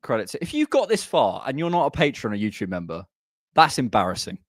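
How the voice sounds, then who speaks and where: A man's voice: mid-range voice, big pitch swings, quick pace, no room sound, clean studio sound. A man hosting a live podcast, out of breath and bantering in a joking, chatty way. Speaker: podcast host. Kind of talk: casual live podcast chat.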